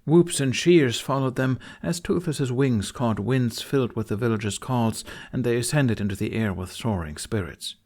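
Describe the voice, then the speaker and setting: A man narrating a fan audiobook chapter in a measured storytelling manner. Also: medium pitch, a little mellow.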